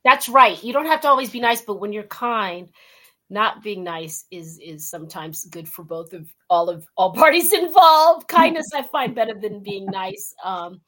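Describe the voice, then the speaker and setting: A woman's voice: medium pitch, lively intonation, normal speed, fairly bright tone. A woman from California hosting an interview, upbeat and affirming, with playful shifts in her voice. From West Covina, California. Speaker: show host.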